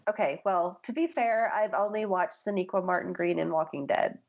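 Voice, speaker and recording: A woman's voice: on the low side, normal speed, dull audio. A woman co-hosting a fan podcast, chatting enthusiastically with lots of filler words. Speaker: podcast co-host. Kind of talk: casual chat.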